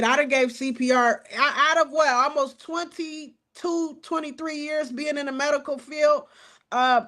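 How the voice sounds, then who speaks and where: A woman in her forties giving fired-up casual commentary on a crime case, outspoken and animated, talking straight to her viewers and cussing as she goes. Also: high-pitched. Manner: animated, outspoken, cusses and addresses viewers as y'all.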